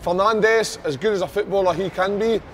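A man's voice: sits high, normal speed, a bit bright, slight background noise. A Scottish man on a football podcast panel, easygoing, opinionated and jokey. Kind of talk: casual football chat.

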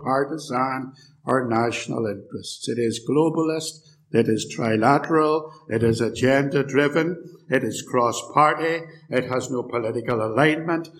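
A man's voice: mid-range voice, slight background noise, rough recording. A man from the United Kingdom giving a live lecture in a church, sardonic and fond of rhetorical questions. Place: church hall.

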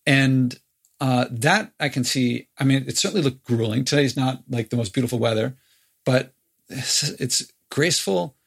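A man leads a conversational interview. His voice is husky, with a gravelly edge. He thinks aloud in loose, reflective phrases. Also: medium pitch, normal speed.

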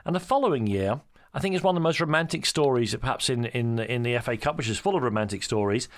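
A man's voice: medium pitch, lively intonation, fast talker. A man hosting an interview, asking questions hesitantly with frequent ums and restarts. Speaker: interviewer host.

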